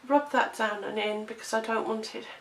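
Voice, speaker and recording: A woman with a voice on the high side and fairly even intonation talks at normal speed. Presenting a card-making tutorial, she chats while working, breathless and coughing, and laughs off her own slips. Sound comes from an echoey room through a distant mic, with a noisy background.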